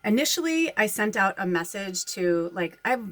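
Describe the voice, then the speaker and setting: A woman's voice: medium pitch, sing-song, normal speed, no room sound. A woman medium talking casually to her followers, rambling and chatty, often breaking into laughter. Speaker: spiritual medium and channel host.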